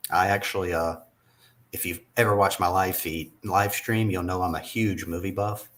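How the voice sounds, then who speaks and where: A man with a Southern American accent, chatting casually on a podcast. His voice sits fairly low. He rambles through his stories and chuckles often. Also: fairly even intonation, moderate pace, fairly bright tone. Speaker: podcast guest. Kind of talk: casual chat.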